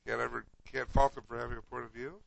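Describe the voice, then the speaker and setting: A man co-hosting a comedy podcast who talks in a halting, stumbling way during casual chat. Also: mid-range voice, little pitch movement, gravelly, fairly bright tone, no echo, rough recording. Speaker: podcast co-host.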